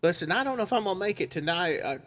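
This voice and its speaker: A man's voice: high-pitched, expressive, rapid-fire, fairly bright tone, big-room sound, voice pushed up. A man raising his voice to play an insistent woman calling on the phone, in a casual storytelling chat. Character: flirty odd woman, raised voice.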